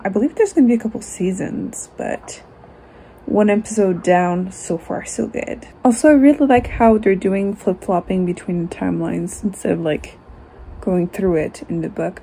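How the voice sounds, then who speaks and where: Gravelly French Canadian woman, chatty vlogger. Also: medium pitch, mellow. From Quebec, Canada. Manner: chatty and venting, with frequent laughs and fillers. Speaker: book vlogger. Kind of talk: casual vlog chat.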